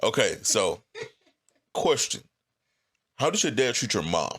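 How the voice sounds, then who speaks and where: A man interviewing a guest, asking short questions with relaxed, joking asides. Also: lowish voice, takes it slowly, breathy edge.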